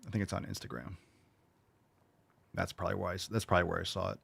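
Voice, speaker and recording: A man's voice: sits low, level tone, fast, vocal fry, a bit bright, a little hiss or hum. A man hosting a reaction show, ranting bluntly and mockingly with lots of swearing. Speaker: host reacting to videos.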